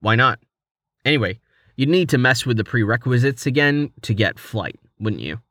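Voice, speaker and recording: A man's voice: medium pitch, lively intonation, normal speed, a bit bright, dry recording, studio quality. A man voicing a playful young male adventurer in armor, in a casual, everyday voice. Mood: joking.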